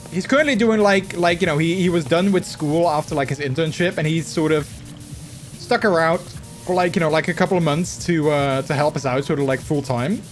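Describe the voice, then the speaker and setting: A man with the hiccups chatting casually on a live stream, rambling through his stories with many restarts. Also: a little high. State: has the hiccups.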